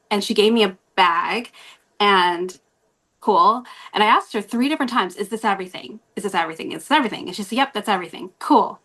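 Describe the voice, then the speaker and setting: Casting: woman, guest host on a podcast, mid-pitched, chatty and rambling storyteller who laughs often. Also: a bit bright.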